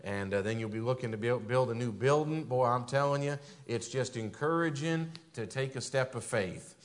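Pastor full of "and, uh" fillers. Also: male voice, moderate pace. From northern United States. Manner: frequent "and, uh" fillers, grows louder and higher when exhorting. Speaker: visiting pastor. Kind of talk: church pulpit greeting and testimony. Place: church sanctuary.

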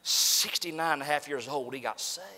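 A man pastor preaching a fiery sermon, swinging from shouts down to hushed, near-whispered lines. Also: on the high side, normal speed, in a large hall. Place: church sanctuary.

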